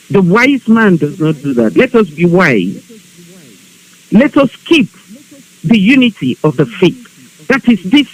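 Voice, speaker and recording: A woman making an earnest, measured appeal to fellow women, quoting proverbs. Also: medium pitch, breathy edge, low-quality recording. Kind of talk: calm appeal to a group. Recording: live online broadcast with hiss.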